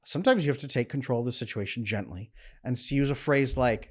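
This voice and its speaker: A relationship coach delivers an earnest, emphatic instructional monologue, slowing down at moments to model calm. His voice is medium in pitch and slightly rough.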